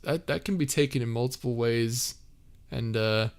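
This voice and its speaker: Indoors at a house, a young man who streams and creates audio roleplay reads chat comments aloud during a casual live stream. He answers in a rambling, easygoing way with many restarts, his voice medium-pitched, clean, and at a moderate pace.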